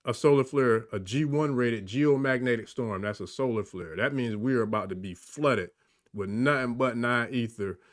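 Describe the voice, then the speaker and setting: A man's voice: mid-range voice, moderate pace. A man in casual spiritual livestream chat, rambling and emphatic. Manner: rambling, emphatic, grows excited and loud at times. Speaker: livestream guest.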